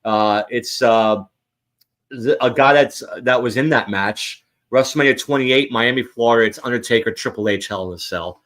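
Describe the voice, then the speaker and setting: Male host, average pitch, rambling casual talker. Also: normal speed, a bit bright. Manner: rambling, many restarts. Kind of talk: casual chat.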